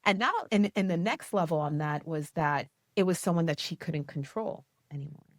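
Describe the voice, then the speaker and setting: A woman in her forties co-hosting a podcast, telling stories in a lively, casual way, full of "you know" and "like.". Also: sits low, normal speed, no echo, studio quality. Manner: animated storytelling, many "you know" and "like" fillers. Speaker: podcast co-host. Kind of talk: casual conversational interview.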